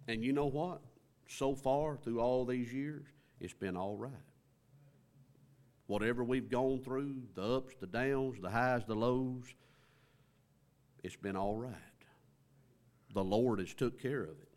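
A middle-aged man preaching in a relaxed, folksy way, as if talking to friends from the pulpit. His voice sits in a middling pitch. He slips into the people in the story as he quotes them. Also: measured pace. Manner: conversational, folksy, acts out quoted lines. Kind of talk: sermon.

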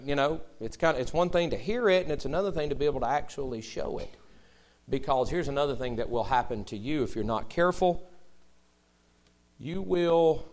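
A young adult man, a pastor preaching a sermon in a conversational way that rises into emphatic bursts. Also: medium pitch.

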